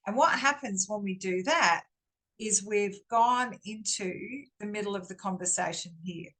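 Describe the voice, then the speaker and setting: A woman's voice: mid-range voice, a little slow, sharp tone, rough recording. Earnest woman presenting a webinar. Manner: earnest, explanatory, with frequent restarts and rising emphasis. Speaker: guest speaker on workplace communication. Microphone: online webinar microphone.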